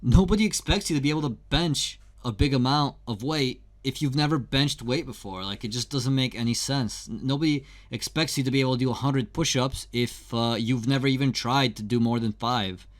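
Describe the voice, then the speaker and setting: A man's voice: medium pitch, a little fast, hardly any pauses. A young adult man giving a casual, candid singing lesson in a conversational, slangy way. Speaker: singing teacher.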